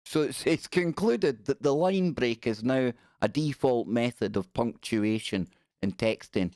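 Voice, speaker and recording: A man's voice: medium pitch, a little slow, darkish tone, no echo, clean studio sound. A middle-aged man hosting a live stream, giving sarcastic, exasperated commentary on the news.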